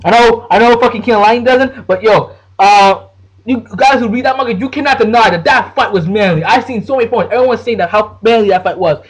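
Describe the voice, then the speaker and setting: A man ranting casually about anime fights, excitable and profane, full of slang and restarts. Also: high voice, a little fast, slightly rough, low-quality recording. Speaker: anime reviewer. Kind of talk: casual anime rant to the camera.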